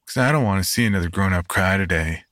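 A man's voice: sits low, quick pace, a bit bright, no echo, clean studio sound. A man voicing an older boy who speaks in a brash, demanding tone.

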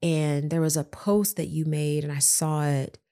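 A woman guest who preaches, talking in an emphatic, encouraging way and dropping to a hush for quoted words. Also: low voice, steady tone, a little slow. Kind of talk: encouraging conversation.

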